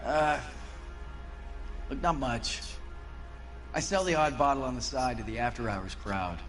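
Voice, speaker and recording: A man's voice: medium pitch, a little slow, fairly bright tone, natural voice. Guy doing a shifty fruit stand owner in a game, guarded and defensive, faint music under it. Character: wary male fruit-stand owner, evasive. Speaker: game character.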